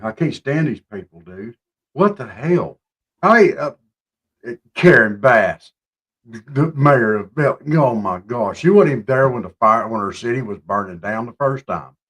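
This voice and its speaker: Ranting man with lively pitch. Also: a little slow, husky. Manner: ranting, mocking, swings between loud outbursts and low mutters. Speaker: show co-host. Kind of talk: casual political chat.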